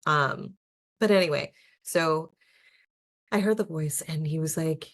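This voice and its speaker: A woman's voice: sits low, measured pace. A young adult woman hosting a podcast, telling her personal stories in a chatty, earnest way, often laughing and restarting her sentences. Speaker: podcast host. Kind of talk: casual personal storytelling.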